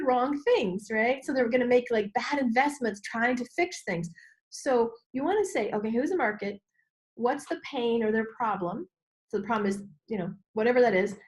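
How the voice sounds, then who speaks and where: A middle-aged woman, a business coach being interviewed, talking expressively and acting out inner voices with sudden high exclamations. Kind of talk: animated interview talk.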